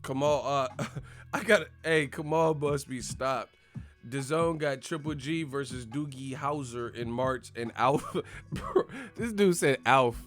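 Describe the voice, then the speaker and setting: Over soft background music, a boxing channel host speaks slowly in a mid-range voice. His banter is casual, playful and full of slang, and he frequently bursts out yelling movie catchphrases.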